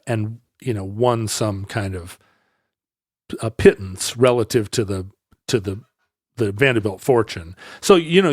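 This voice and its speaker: A man's voice: medium pitch, no room sound, studio quality. Man telling a rambling history story. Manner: rambling, self-correcting, laughs easily. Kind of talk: casual storytelling chat.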